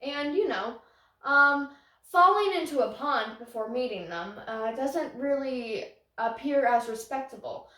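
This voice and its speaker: Podcast host: young woman, rambling self-conscious storyteller, bright high voice, sits back from the mic. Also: animated, unhurried, far from the mic. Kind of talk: casual storytelling. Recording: roomy echo, voice off-mic.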